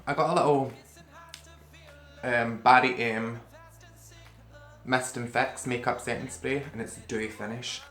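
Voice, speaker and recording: A man chats at his own pace in a roomy, echoing space, with faint music behind him. He rambles on and swears freely while eating on camera. His voice sits at an ordinary middle pitch. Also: fairly even intonation, measured pace, long pauses, a bit bright. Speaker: vlogger. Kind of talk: casual eating-show chat to camera. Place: room at home. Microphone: camera facing him.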